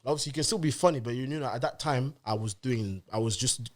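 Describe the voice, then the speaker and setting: A young man from Cameroon, telling stories in a relaxed, casual podcast chat. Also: mid-range voice. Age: young adult. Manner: relaxed storytelling, drawn-out slang fillers. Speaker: guest.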